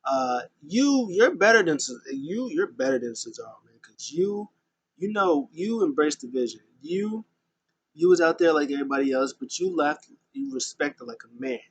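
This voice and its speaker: A smooth-talking male wrestler, cocky and placating, rattling off quick, repeated pleas in a raised voice, as a man puts him on. He sounds like he is trying to calm someone down while flattering them. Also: a little high, voice pushed up, low-quality recording. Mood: coaxing. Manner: fast, pleading, repeats himself.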